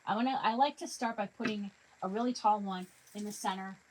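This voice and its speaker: A chatty woman talks herself through a live craft demonstration, pitched in a mid, ordinary range. She jokes with her materials as she works. A faint hum sits behind her voice. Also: fairly quick. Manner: jokey self-talk to her materials. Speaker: craft tutorial host.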